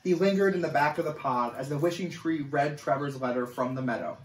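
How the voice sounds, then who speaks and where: A man's voice: fairly high pitch, a little fast, distant mic. Man reading a storybook in an echoey room. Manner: animated, expressive reading. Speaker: camp coordinator reading a story. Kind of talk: storybook read-aloud.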